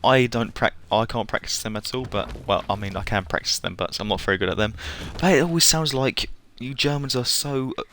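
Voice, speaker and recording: A man's voice: medium pitch, fairly quick, few pauses, sharp tone, slight background noise. A man streaming a game live, chatting casually and rambling, often laughing at himself.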